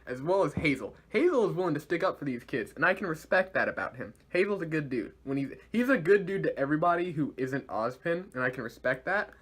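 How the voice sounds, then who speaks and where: A man giving a casual video review of a series, animated and slangy, laughing often. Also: on the high side, quick pace, hardly any pauses, slightly rough.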